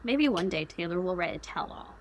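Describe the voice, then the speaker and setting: A woman's voice: fairly low pitch, expressive, a little fast. Chatty young woman podcast co-host. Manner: chatty, giggly, uses slang. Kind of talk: casual chat.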